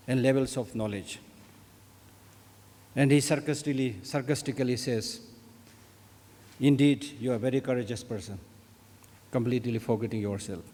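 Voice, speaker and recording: A man giving a formal, measured speech on Buddhism and knowledge at an opening ceremony. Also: mid-range voice, a little mellow. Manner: measured, deliberate delivery with emphatic repetitions. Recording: long hall reverb.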